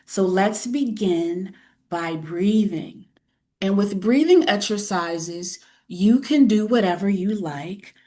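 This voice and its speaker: A woman hosting a webinar over a video call, speaking in a calm, enthusiastic teacher voice and often repeating herself. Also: fairly low pitch. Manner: slow, calm, repeats phrases. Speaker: webinar host. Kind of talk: guided breathing and lecture.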